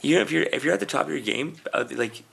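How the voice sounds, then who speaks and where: A man's voice: fairly high pitch, expressive, fast, vocal fry, fairly bright tone, breathy edge. A man co-hosting a comedy podcast, rambling through stories in casual chat and calling people "dude" and "man". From Canada. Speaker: podcast co-host. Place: indoors, podcast recording.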